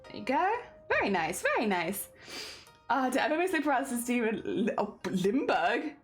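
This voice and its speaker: Young woman streamer, casual and chatty, slightly congested, with a lively, swooping delivery. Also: fairly high pitch, normal speed, faint music behind. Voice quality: coughing, a little congested. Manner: chatty, talks herself through each step, greets viewers. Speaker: streamer rigging a vtuber model. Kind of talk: casual live-stream talk while working.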